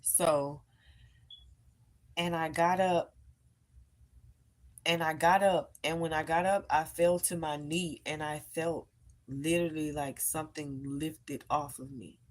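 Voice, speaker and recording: Low-voiced woman, emphatic live-stream storyteller. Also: takes it slowly, pauses often. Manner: emphatic, animated storytelling, addresses viewers as y'all. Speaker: live-streamer and tarot reader. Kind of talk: casual live-stream chat with viewers. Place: at home.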